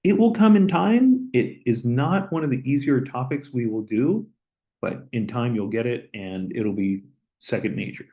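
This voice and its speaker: A man lecturing, explaining step by step as he draws and pausing on an occasional "okay". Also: medium pitch, mellow, rough recording. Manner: plain, step-by-step explaining with okays. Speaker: chemistry lecturer. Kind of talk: recorded lecture while drawing.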